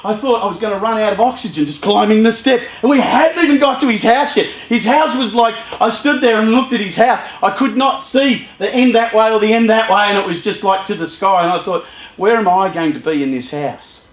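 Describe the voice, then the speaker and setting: A man tells a dramatic first-person story at a youth charity gathering, acting out his fears and the voices around him. His voice sits high for a man and rings in a roomy, echoey space. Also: brisk, few pauses.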